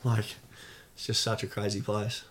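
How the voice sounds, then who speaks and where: A man's voice: lowish voice, flat delivery, normal speed, fairly bright tone. A young Australian man telling a story in a casual interview, rambling with many fillers. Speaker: guest.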